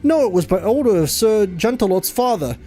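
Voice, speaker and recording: A streamer voicing a blunt, low-born male soldier in a video game, in a rough, put-on working-class accent. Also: lively intonation, normal speed, dark tone, faint music behind, close to an everyday voice. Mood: gruff.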